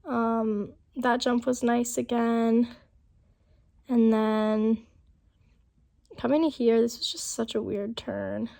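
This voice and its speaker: A young woman narrating a casual vlog voiceover, chatty and rambling with lots of fillers, her voice rough from a lingering illness. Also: a little high, steady tone, slow, pauses often, mellow. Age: young adult. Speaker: vlogger. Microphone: voiceover mic.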